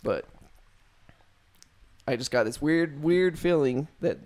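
A man's voice: on the high side, animated, slow, darkish tone. A young man telling a spooky story to friends in a loose, profane, casual way, full of fillers. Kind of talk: casual chat.

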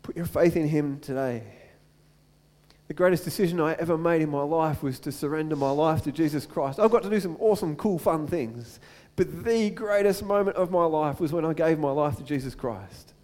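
A young adult man whose voice is a little high preaches a sermon as pastor. His earnest delivery swings between urgent, loud build-ups and slow, soft pleas.

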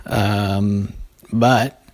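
A man's voice: on the low side, steady tone, extremely slow, darkish tone, dry recording. A man hosting his own solo podcast, rambling and self-deprecating with many restarts, out of breath, recording on a phone in his living room. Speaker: podcast host. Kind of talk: improvised solo podcast talk.

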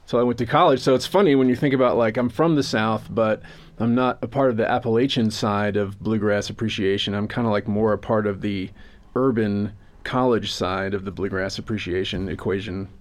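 Low-voiced easygoing musician from North Carolina. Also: male voice, steady tone, a little fast, hardly any pauses. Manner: easygoing, joking. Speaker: band member, guitarist. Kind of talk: casual radio interview. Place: radio studio.

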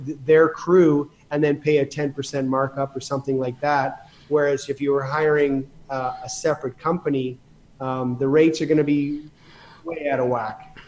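A man's voice: fairly high pitch, little pitch movement, normal speed, darkish tone, dull audio. A man telling rambling stories about running his business in a casual interview, with many restarts. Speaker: guest.

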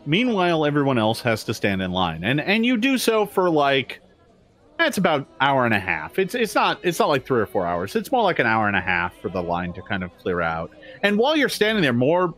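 Man running a tabletop game, pitch bouncing up and down, loose rambling narration, average pitch. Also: fairly bright tone. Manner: rambling with many fillers and restarts. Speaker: game master.

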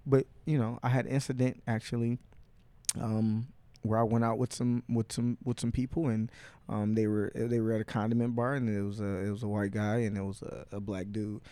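A man's voice: on the low side, fairly quick, clear, resonant tone, dry recording. A man hosting a casual podcast, telling stories with lots of swearing and acted-out quotes. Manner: profane, animated storytelling with put-on quotes. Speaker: podcast host.

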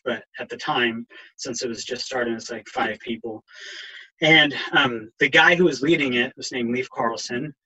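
A middle-aged man, a counselor and veteran, telling his recovery story with halting ums and a voice that catches with emotion. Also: mid-range voice, bright, forceful tone, slightly rough, muffled recording.

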